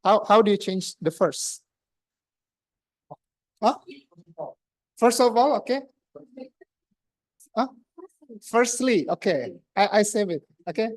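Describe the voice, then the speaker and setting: A woman's voice: mid-range voice, expressive, slow, long pauses, no room sound. A woman with an Indonesian accent giving a grammarian report at a speaking club meeting, chatty and full of questions to the room. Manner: chatty, asks the room questions, many fillers. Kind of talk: interactive club speech.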